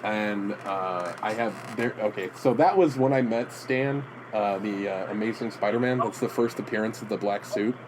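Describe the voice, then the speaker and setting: A man's voice: fairly low pitch, noisy background. Rambling man telling comic-shop stories. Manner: rambling, halting storyteller. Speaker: podcast co-host. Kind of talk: casual chat. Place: indoor room with comic prints.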